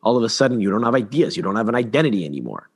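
Opinionated male podcast host, lowish voice. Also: rapid-fire, breathy edge. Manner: rambling, repeats words and restarts often; opinionated, animated. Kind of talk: casual football chat.

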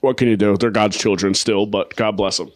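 A man's voice: fairly low pitch, fairly even intonation, a little fast. A man hosting a podcast, a comedian chatting crudely, with lots of profanity and jokes. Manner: profane, joking, storytelling. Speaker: podcast host. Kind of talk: crude casual chat.

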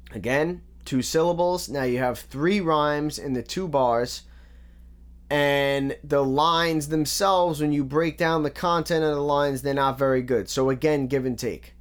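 Higher-pitched man breaking down rap lyrics. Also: measured pace, clean tone. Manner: methodical, quotes lines back and repeats "again". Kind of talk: casual spoken breakdown of rap verses.

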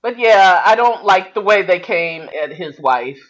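A woman co-hosting a casual chat, reacting with quick teasing remarks. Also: fairly low pitch, animated, poor audio. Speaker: podcast co-host.

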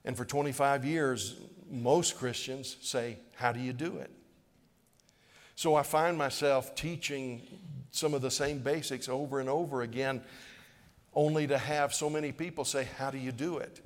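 Here the pastor, a middle-aged man, preaches at normal speed with a medium-pitched, steady voice. His sermon in the church sanctuary is earnest and pleading, returning to repeated phrases as he presses on, all wrapped in long hall reverb.

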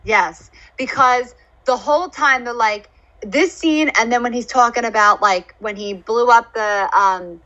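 A woman with a New Jersey accent co-hosting a podcast in casual chat. She tells stories in an animated way and puts on voices to quote people. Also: a little high, measured pace, lo-fi sound. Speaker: podcast co-host.

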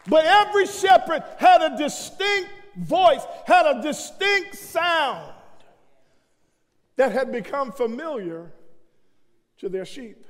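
Brooklyn preacher, middle-aged man, New York accent, very high lively voice, slow deliberate delivery, big reverberant church hall. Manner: impassioned preaching, rising to shouts, calls to the congregation. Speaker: associate minister. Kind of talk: sermon.

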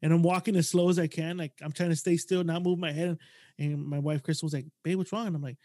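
Man, podcast host, high voice, dry close sound, animated profane storytelling. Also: fast, dry recording. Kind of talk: casual chat.

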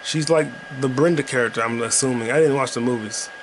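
A man rambles through casual, profane commentary while he plays a video game. His pitch sits in the middle of the male range. A faint hum runs underneath. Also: brisk. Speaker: podcast host playing a video game.

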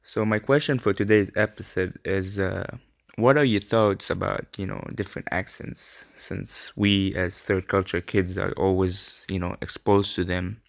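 Low gravelly voice, dry recording. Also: male voice, a little slow, no echo. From Egypt, raised in the UAE. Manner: relaxed, hesitant with fillers. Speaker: listener sending a question. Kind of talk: recorded voice message.

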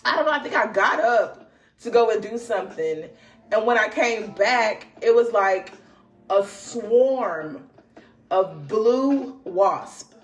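Over soft background music, a young woman with a slightly high voice speaks at a slow pace as host and spiritual reader of her podcast. Animated and slangy, she laughs and exclaims often through a dream story before reading cards.

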